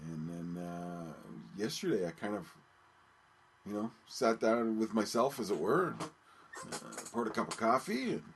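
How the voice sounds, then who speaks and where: Man, podcast host, casual solo talk, fairly deep voice, halting with ums, light background noise. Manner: rambling, hesitant, many ums and repeated words.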